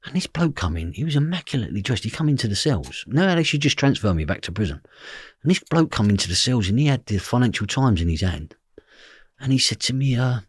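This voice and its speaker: A man's voice: mid-range voice, very animated, fairly quick, slightly rough, no room sound, studio quality. A man telling a story from his past, blunt and swearing freely, often asking "do you know what I mean". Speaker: podcast guest. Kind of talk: personal storytelling.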